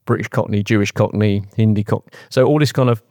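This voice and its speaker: Gravelly male interviewer, steady flat delivery, easygoing prompts. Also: lowish voice, quick pace, dry recording, clean studio sound. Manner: relaxed, conversational, prompting. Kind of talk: casual interview chat.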